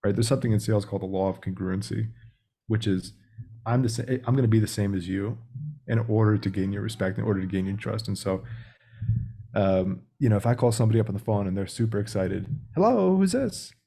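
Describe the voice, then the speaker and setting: A man's voice: fairly low pitch, steady tone, quick pace, warm tone. A man speaking as a guest on a podcast interview, blunt and direct in a casual way. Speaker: sales coach guest.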